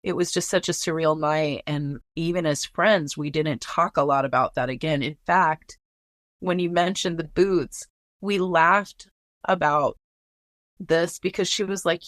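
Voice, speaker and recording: Low-voiced woman telling a candid story. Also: a little slow, dry recording, clean studio sound. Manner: candid, earnest, swears freely. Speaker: guest. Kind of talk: personal storytelling.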